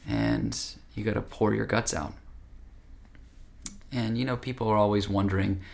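Gravelly man giving an earnest spiritual talk. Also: on the low side, fairly even intonation, normal speed, a little mellow. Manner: earnest, conversational, direct. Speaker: yoga teacher.

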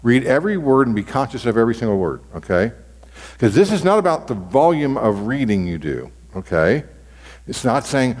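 Animated man preaching in a reverberant hall. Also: medium pitch, moderate pace. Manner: animated, restarts and repeats phrases. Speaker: pastor teaching on devotional reading. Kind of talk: conversational sermon. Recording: long reverb of a large hall.

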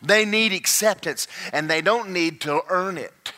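A male pastor preaching a sermon, swinging from folksy joking asides to shouted, singsong climaxes. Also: high voice, measured pace.

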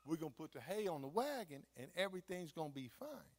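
A man voicing a kind older gentleman who speaks softly and gently, in a sermon story. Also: a little high, very animated, quick pace. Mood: reassuring.

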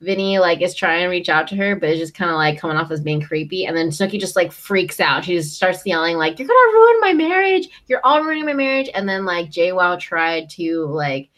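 Young woman, casual chat, low-ish voice, filler-heavy, rambling recap. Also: steady tone, a little fast, few pauses, a bit bright. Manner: chatty, lots of fillers like "um" and "like". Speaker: co-host recapping a reality show.

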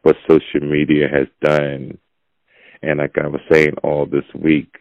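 A man's voice: monotone, a little slow, no echo. A man hosting a podcast, giving a blunt, preachy opinion monologue in casual talk. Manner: blunt, preachy, gravelly and low. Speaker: podcast host. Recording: dull lo-fi audio.

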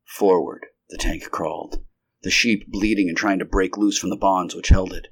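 Low-voiced man narrating a story. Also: steady tone, moderate pace, creaky, a bit bright. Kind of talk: unrehearsed reading of a vintage sci-fi story.

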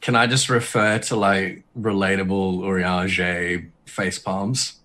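A man's voice: deep voice, flat delivery, slow, bright, forceful tone. A man co-hosting a casual talk show, joking and rambling, dropping into goofy voices. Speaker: podcast co-host. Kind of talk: casual chat.

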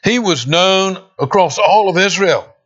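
A man preaching a sermon, expressive, with dramatic pauses and emphatic quoted lines. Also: sits high. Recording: dull lo-fi sound.

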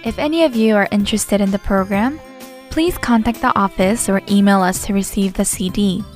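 A woman's voice: medium pitch, brisk, darkish tone, soft background music. A woman reading a radio announcement for a ministry in a plain, careful way.

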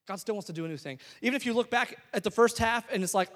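A young adult man preaching a sermon as a pastor, swinging between loud exhortation and soft asides. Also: sits high, lively intonation, rapid-fire, long reverb tail. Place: church sanctuary.

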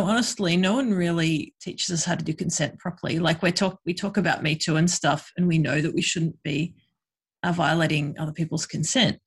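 Frank, husky woman. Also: deep voice. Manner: frank, chatty, lots of fillers. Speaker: guest, sex worker and educator. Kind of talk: casual podcast conversation.

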